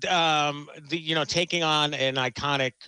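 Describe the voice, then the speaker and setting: A man's voice: a little high, steady tone, normal speed, pushed and bright, clean tone, no echo, rough recording. A man talking casually about a film, enthusiastic and rambling, often restarting his sentences. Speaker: film critic guest. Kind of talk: casual chat.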